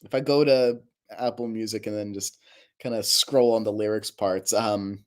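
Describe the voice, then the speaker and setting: A young streamer with a lowish voice and fairly even intonation chats casually on a livestream at normal speed. He rambles and laughs at himself in a self-deprecating way, his throat a little sore.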